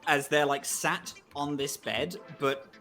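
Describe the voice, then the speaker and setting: A man's voice: a little high, steady tone, slow, bright, forceful tone, faint music behind. Rambling man describing his character. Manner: rambling, many fillers, laughing. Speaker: player. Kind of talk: describing a character in a tabletop game.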